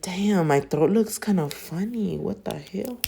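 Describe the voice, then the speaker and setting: Sleepy low-voiced woman, gravelly and profane. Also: unhurried, dark tone. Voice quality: throat feels off, clears throat. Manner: chatty, profane, slangy storytelling. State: sleepy, just woken up. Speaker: nail artist and video host. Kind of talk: casual voiceover chat. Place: at home doing her makeup.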